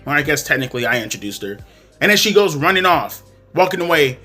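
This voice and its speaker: Profane, sharp-voiced man ranting. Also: a little high, big pitch swings, fast talker, faint music behind. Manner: profane, blunt, heated. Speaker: commentary vlogger. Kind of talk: ranting commentary and storytelling.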